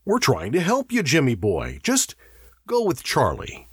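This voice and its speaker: A man's voice: mid-range voice, huge pitch swings, unhurried, a bit bright, breathy edge, no room sound, studio quality, pitched above the performer's own voice, exaggerated voice. A man voicing a nervous, kindly crewman who talks hesitantly and coaxingly. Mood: fretful.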